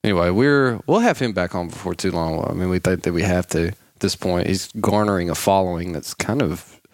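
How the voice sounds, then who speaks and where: A man's voice: low-pitched, no room sound. Jokey podcast co-host man, dry sound. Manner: jokey, quick to laugh. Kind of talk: casual chat.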